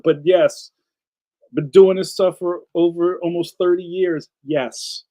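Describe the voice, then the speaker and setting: A middle-aged man hosting a casual live stream, ranting in an animated way and reading viewer comments aloud. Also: high-pitched, measured pace, low-quality recording. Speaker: live stream host, cartoonist.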